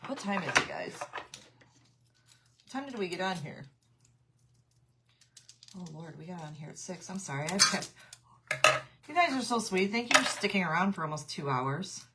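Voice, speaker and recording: Lady chatting on her craft live, laughs a lot, kinda low voice. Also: animated, a little slow, pauses often, very noisy. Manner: chatty, laughs often, reads out comments. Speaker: craft livestream host. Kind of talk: casual livestream chat with viewers.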